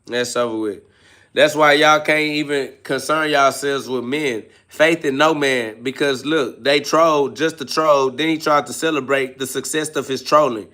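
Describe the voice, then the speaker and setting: A man's voice: mid-range voice, normal speed, pushed and bright. A man hosting a live self-talk podcast, preaching and mocking a troll in heavy slang. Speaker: podcast host.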